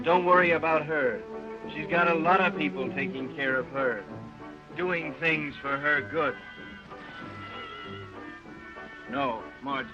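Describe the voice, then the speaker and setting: A man's voice: medium pitch, natural voice. An actor playing a brash, bitter young man in a 1929 talkie, sardonic in manner. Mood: tender. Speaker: film actor. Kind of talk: 1929 early talkie acting. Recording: muffled early sound film with score.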